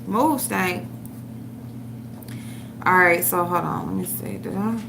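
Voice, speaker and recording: Slow and creaky, a woman's lowish voice cuts through a noisy background as she hosts an online show. She rants profanely, mocking and trash-talking someone while looking for a clip to play for viewers.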